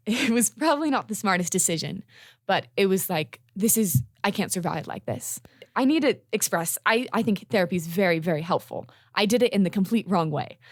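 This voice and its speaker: A young adult woman, a podcast guest telling her own story candidly, earnest and halting, often repeating words as she restarts. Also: lowish voice, dry recording, studio quality.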